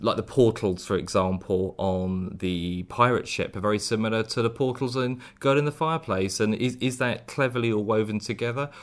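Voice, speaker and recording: A man hosts a podcast in a measured, wry tone and brings in listener feedback. His voice is fairly low and steady. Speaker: podcast host. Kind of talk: casual podcast chat.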